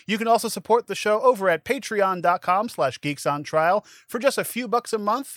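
A man's voice: high-pitched, a bit bright, dry recording, clean studio sound. A man co-hosting a podcast, talking in a playful, goofy casual chat. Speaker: podcast co-host.

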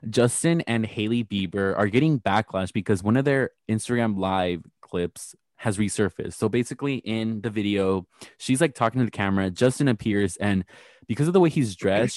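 A man's voice: fairly low pitch, darkish tone, no echo, clean studio sound. A man co-hosting a podcast, chatting casually and bluntly with lots of swearing and rambling fillers. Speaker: podcast co-host. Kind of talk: casual chat.

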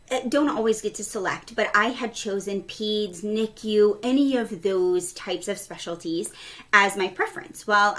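Bright, animated woman telling a story. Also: mid-range voice. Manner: animated, acts out quoted dialogue. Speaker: pediatric ICU nurse, guest. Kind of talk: casual storytelling interview.

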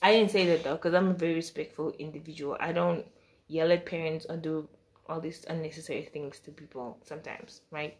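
A woman's voice: deep voice, fairly quick. Chatty young woman telling a story. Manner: animated, acts out quoted dialogue with shifting voice; chatty and slangy, with asides and laughter. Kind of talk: casual storytime.

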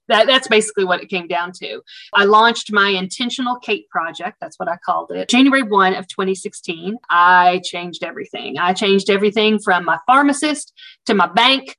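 A woman telling a personal story as an interview guest in a casual, animated and chatty way, amused at herself. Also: medium pitch, moderate pace, rough recording.

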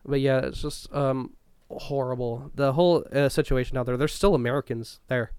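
A man's voice: mid-range voice, fairly even intonation, moderate pace, darkish tone, smooth, no room sound, clean studio sound. A young man co-hosting a podcast, talking loosely in a rambling way and swearing often. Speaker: podcast co-host. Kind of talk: casual chat.

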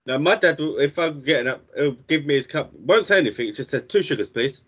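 A man's voice: fairly high pitch, fast, fairly bright tone, slightly rough. A man chatting casually on a podcast, blunt and joking. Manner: blunt, jokey. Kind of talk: casual chat. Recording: dull lo-fi sound.

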